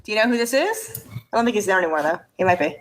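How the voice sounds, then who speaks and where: A young woman co-hosting a casual podcast chat, animated, laughing often and swearing freely. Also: medium pitch, rapid-fire, poor audio. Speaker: podcast co-host.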